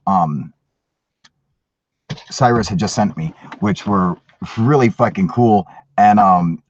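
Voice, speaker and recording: A man's voice: fairly low pitch, a little mellow, no room sound, lo-fi sound. A man hosting a casual livestream, joking crudely and swearing a lot. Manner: crude, profane, jokey. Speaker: channel host. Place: at work.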